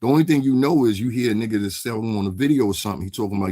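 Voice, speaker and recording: A New York City–area man with a lowish, warm voice talks at a quick pace on his casual stream, captured dry at studio quality. His commentary rambles in street slang as he responds to chat, often tossing in "you understand what I'm saying."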